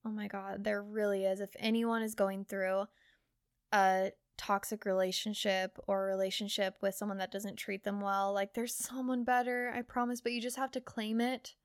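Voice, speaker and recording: Chatty young woman podcaster, slightly gravelly. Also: mid-range voice, level tone, moderate pace, no echo, studio quality. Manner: chatty, earnest, filler-heavy with frequent "like" and swearing. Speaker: podcast host. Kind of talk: casual solo podcast talk.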